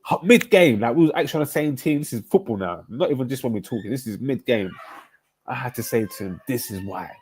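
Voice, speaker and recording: A young man hosting a football stream, chatting loosely and animatedly with his viewers. His voice sits at an ordinary middle pitch, and he jumps between teasing, slang and sudden outbursts. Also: fast, slightly rough. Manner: animated, banters with chat, lots of slang and swearing. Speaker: football livestream host. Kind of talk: casual live-stream chat reading viewer comments.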